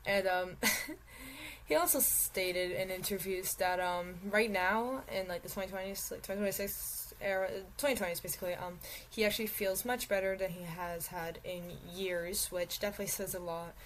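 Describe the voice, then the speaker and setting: Woman vlog host, loose and chatty, middle pitch, faint room hum behind. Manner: chatty, many fillers and restarts; giggles often. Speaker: channel host. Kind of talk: casual rambling commentary.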